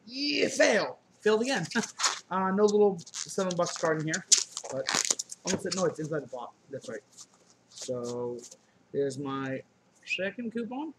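A man's voice: a little high, lively intonation, normal speed, long pauses, very noisy. A man chatting casually while unboxing on camera, loose and joking with goofy profane asides, recorded on a laptop indoors. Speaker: unboxing vlogger.

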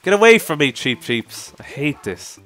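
Man, casual gameplay commentary, excitable, swooping lively pitch, faint game music behind. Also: normal speed. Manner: excitable, exclaiming and laughing at mishaps. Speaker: let's play commentator.

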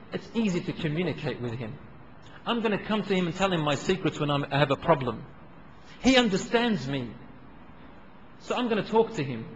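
Male preacher, high voice, animated storytelling, long hall reverb, faint background hum. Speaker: Islamic preacher. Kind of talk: sermon.

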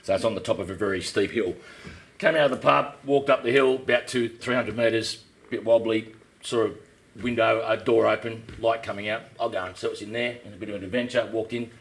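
A man with an Australian accent, a talk show guest telling a comic story in an animated way and swearing casually. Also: on the low side, fairly quick, gravelly.

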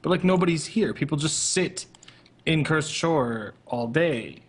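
A man's voice: fairly high pitch, expressive, a little slow, slightly rough. A man hosting a casual podcast on a voice call, rambling and hesitant, swearing casually. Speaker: podcast host. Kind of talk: casual chat. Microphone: computer mic on a voice call.

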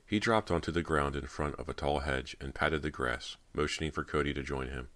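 A man narrating a horror novel as an audiobook, in a steady, low-key reading. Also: a little fast, no echo.

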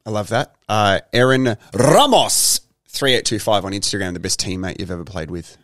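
Animated Australian man hosting a podcast. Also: lowish voice, normal speed. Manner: joking, teasing, lively. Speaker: podcast host. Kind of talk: casual chat.

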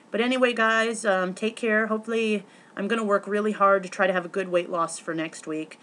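A woman vlogging casually, rambling with many restarts and fillers, breaking into excitable bursts and swearing now and then. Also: medium pitch.

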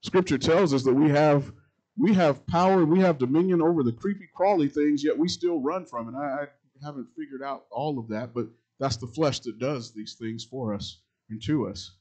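A middle-aged man, a pastor, preaching a sermon that repeats its phrases and swings between loud and quiet passages. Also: a little high, moderate pace, low-quality recording.

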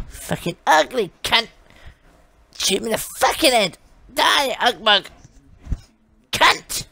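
A woman giving brash, profane comedic commentary while playing a game, yelling insults at enemies. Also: on the high side, sing-song, slow, creaky, long pauses. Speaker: gameplay commentator. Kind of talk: comedic let's-play commentary. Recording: game sounds loud behind the voice.

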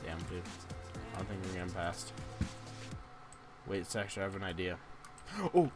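A young man co-hosting a casual let's-play, excitable and laughing with loud bursts. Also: sits low, moderate pace. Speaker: gaming channel co-host. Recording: game music behind.

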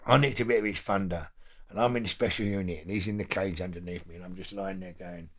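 A man's voice: low voice, steady tone, fast, fairly bright tone. Brief: middle-aged London man, casual storytelling, heavy swearing, frequent laughs. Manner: swears heavily, laughs often mid-story. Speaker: guest.

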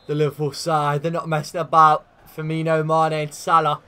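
A young man commentating his own football video game career with lively, animated energy and sudden shouts. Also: a little high, moderate pace, hardly any pauses, smooth. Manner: animated, shouts at big chances. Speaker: gaming YouTuber. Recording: faint guitar music behind.

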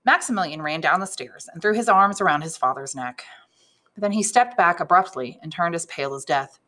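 A woman teacher reads a classic novel aloud, her tone bright and forward with a somewhat low pitch. She reads the narration steadily and lifts her voice noticeably for the characters' speech. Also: fairly quick. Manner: expressive reading, raises pitch for quoted characters. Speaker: English teacher reading aloud.

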